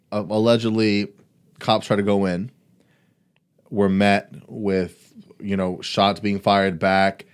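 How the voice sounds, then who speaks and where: Low smooth-voiced man, casual podcast talk. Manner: conversational, builds points with rhetorical questions. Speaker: podcast co-host.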